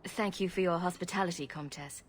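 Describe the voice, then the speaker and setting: A woman's voice: lowish voice, brisk, lightly acted. An actress voicing a composed female warrior hero, courteous and dry, in a video game. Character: composed female champion warrior, adult woman.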